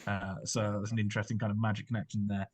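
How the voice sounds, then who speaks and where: Casual podcast host, man, halting delivery full of ums and restarts. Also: lowish voice, flat delivery, darkish tone, husky. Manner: hesitant, many fillers and restarts. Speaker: podcast host presenting research. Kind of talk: casual chat.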